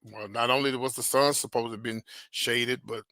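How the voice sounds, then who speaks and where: A man's voice: mid-range voice, fairly even intonation, normal speed, noisy background. A man hosting an entertainment gossip show, chatting casually and animatedly with viewers, calling them baby and child. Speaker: host of a celebrity gossip channel.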